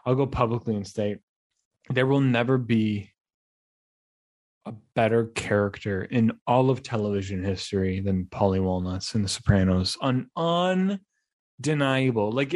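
A young man hosting a podcast, telling casual stories in a rambling, animated way with frequent restarts. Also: medium pitch, normal speed. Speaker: podcast host. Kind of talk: casual monologue.

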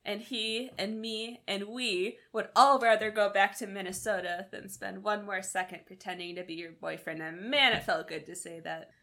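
A woman's voice: medium pitch, steady tone, normal speed, hardly any pauses, bright, forceful tone. A woman co-hosting a casual chat, animatedly retelling a TV episode and laughing often. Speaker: podcast co-host.

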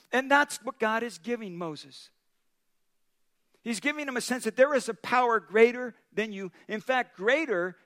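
High-voiced male pastor telling a story. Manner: animated storytelling with chuckles. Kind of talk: sermon.

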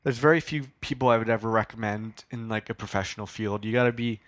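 Low-voiced man rambling on a podcast. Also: fast, no echo, studio quality. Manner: rambling, self-deprecating, swears casually. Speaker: podcast host. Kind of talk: casual solo podcast chat.

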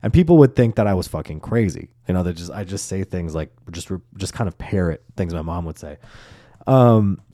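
A man's voice: low voice, animated, fairly quick, mellow, no echo, studio quality. A man hosting a solo podcast, telling stories in a loose, rambling way full of swearing and fillers. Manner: casual, profane, rambling with many fillers. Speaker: podcast host.

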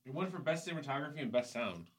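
A man co-hosting a podcast, making flat, dry corrections in casual chat. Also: mid-range voice, rapid-fire. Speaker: podcast co-host.

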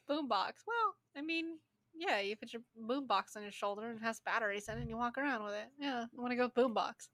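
A woman co-hosting a casual podcast and chatting in a relaxed way. Her voice sits high with a bright tone, and she makes dry, wry remarks and swears casually. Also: fairly quick. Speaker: podcast co-host. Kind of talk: casual chat.

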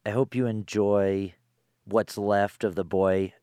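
A man's voice: lowish voice, fairly even intonation, takes it slowly, warm tone, clean tone, no room sound. A man interviewing a songwriter, talking things through thoughtfully with many "you know"s. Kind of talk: casual interview chat.

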